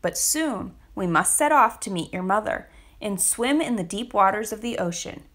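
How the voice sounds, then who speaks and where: A woman voicing a proud, gentle father emperor penguin in a storybook reading, speaking low, calm and protective. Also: moderate pace.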